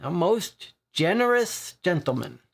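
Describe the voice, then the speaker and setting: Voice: medium pitch, level tone, unhurried, vocal fry, a bit bright, voice pushed up. A board game player voicing a grinning, pockmarked Irish man who gossips in a dockside pub. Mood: gossipy, teasing. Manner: chatty, conspiratorial gossip.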